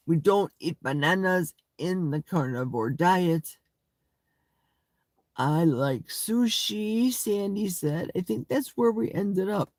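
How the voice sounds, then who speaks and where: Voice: mid-range voice, expressive, slow pace, no room sound. An older host chatting playfully on a live stream, reading viewer comments aloud with gasps and sing-song asides. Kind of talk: casual live chat.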